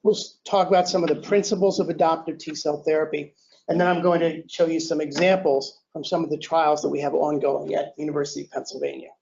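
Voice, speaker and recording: Older man lecturing, lo-fi, throat-clearing. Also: fairly high pitch, fast talker. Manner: relaxed, self-deprecating, frequent throat-clearing and restarts. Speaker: invited lecturer. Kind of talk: academic lecture. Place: lecture hall. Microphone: handheld or podium mic. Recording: dull lo-fi lecture recording.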